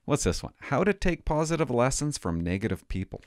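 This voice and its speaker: A man's voice: mid-range voice, big pitch swings, brisk, no echo. A middle-aged man reading newspaper headlines aloud and mocking them with sarcastic, mock-indignant commentary.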